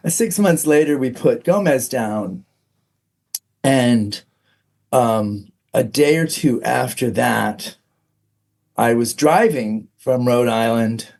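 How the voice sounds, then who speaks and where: A man's voice: mid-range voice, creaky, a little mellow. A middle-aged man, a podcast guest, telling a personal story candidly, frank and self-mocking, with plenty of "um"s.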